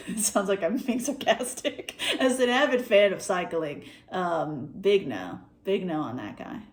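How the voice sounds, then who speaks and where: Playful young woman, low voice. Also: expressive, a little slow, hardly any pauses. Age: young adult. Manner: playful, jokey, laughs often. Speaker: vlogger. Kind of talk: casual chat while crafting. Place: home, indoors.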